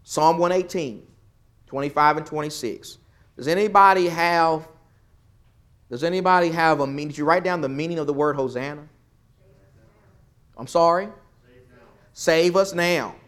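A man with a somewhat high voice teaches a Bible class, stopping often to put questions to the group. He pushes key words out loud, then drops almost to a murmur to let a point land. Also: normal speed, pauses often. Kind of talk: interactive Bible study lesson.

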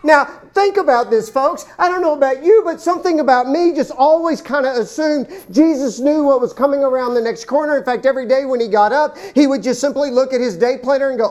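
A preacher delivers a dramatic, theatrical sermon, calling his listeners folks and firing rhetorical questions at them. His very high voice moves briskly with hardly any pauses, leaping to loud exclamations before sinking to near whispers.

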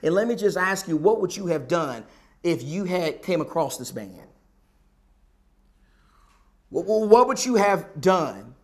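A preacher delivers an emphatic sermon, repeating his phrases and putting rhetorical questions to his listeners. His voice is high and fairly bright.

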